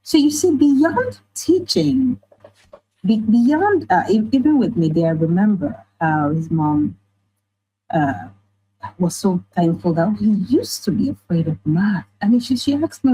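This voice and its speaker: A woman with a Nigerian accent, an online teacher and writer talking in a casual interview, animated and quick to act out the voices she quotes. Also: medium pitch, slightly rough, low-quality recording. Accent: Nigerian English. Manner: animated, often laughing, acts out quoted voices.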